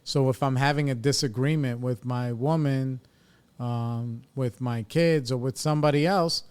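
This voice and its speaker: A man's voice: medium pitch, steady tone, normal speed, darkish tone, smooth. A man in his forties talking candidly on a podcast, reflective and blunt, swearing freely as he works through his thoughts. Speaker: podcast host in recovery. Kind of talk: candid casual talk.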